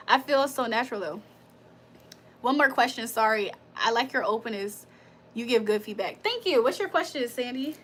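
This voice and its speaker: A woman with a highish, expressive voice talks at normal speed while hosting a tarot livestream. She tells stories and chats casually, breaking into laughter often and swearing freely.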